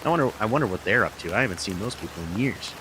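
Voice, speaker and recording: With heavy rain pouring down around him, a middle-aged beer review vlogger talks about a beer in a loose, rambling way, stumbling into restarts. His lowish voice is expressive and rapid-fire. Background noise and loud rain come through the small outdoor camera mic.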